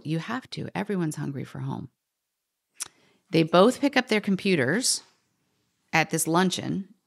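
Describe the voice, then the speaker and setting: Low, gravelly-voiced woman telling a story. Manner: animated storyteller, quoting others, laughing, dropping to whispers. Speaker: podcast guest. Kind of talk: storytelling in conversation.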